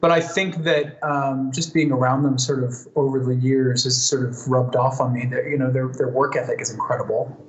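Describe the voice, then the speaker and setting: A man's voice: medium pitch, fairly even intonation, normal speed, few pauses, lo-fi sound. A man chats casually through fan questions, thoughtful and rambling, with lots of fillers and restarts. His voice bounces around an echoey room. A faint ambient hum sits underneath. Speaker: singer answering fan questions. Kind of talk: casual live Q&A. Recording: roomy echo, faint ambience.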